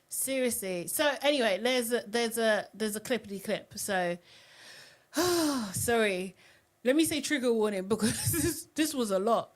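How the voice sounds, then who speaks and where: A woman hosting a live reality TV recap, talking in an animated, outspoken way. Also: on the high side, unhurried. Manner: animated and outspoken, often mocking voices. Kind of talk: live recap and review chat.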